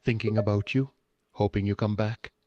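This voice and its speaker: A man's voice: steady tone, moderate pace, a little mellow, no echo, natural voice. An AI voice playing a clingy, pushy Indian man. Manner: speaks low, close to the mic, broken English. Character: clingy, pushy lonely man chatting up a stranger. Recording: dull, dry lo-fi synthetic voice.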